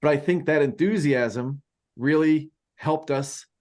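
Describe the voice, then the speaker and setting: A man's voice: on the high side, unhurried, darkish tone. A man co-hosting a podcast in casual chat, rambling with many fillers and restarts. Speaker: podcast co-host.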